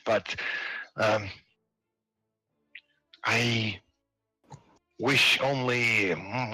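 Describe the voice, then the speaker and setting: A man's voice: lowish voice, sharp tone, no room sound, exaggerated voice, poor audio. A man voicing a formal, grave male knight-commander who speaks with stiff courtly politeness.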